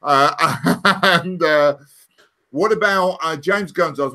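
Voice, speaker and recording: Brief: male co-host, bright forceful tone, easygoing and giggly, reads comments. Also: a little high, slow pace. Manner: amused, laughs often while reading comments. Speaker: co-host reading viewer comments. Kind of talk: casual fan chat.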